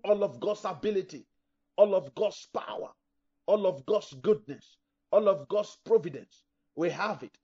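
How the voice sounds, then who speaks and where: A middle-aged male pastor delivers an emphatic sermon, voicing the objections of imagined listeners as he goes. His voice sits a little high for a man. The recording is dull and lo-fi. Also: lively intonation, a little slow, mellow, breathy edge.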